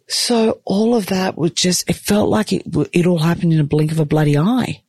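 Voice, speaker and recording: A woman's voice: fairly low pitch, moderate pace, a little mellow, breathy edge, dry recording. An exhausted woman who has just given birth, chatting frankly and exclaiming often in a personal vlog from a hospital room. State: exhausted after giving birth. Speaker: vlogger, new mother.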